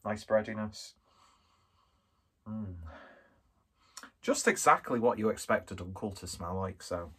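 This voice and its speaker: This is a husky, slightly bright, lowish male voice that moves at a measured pace with long pauses. He hails from Skelmersdale in northwest England and chats through a relaxed beer review in a rambling, self-mocking, humorous manner.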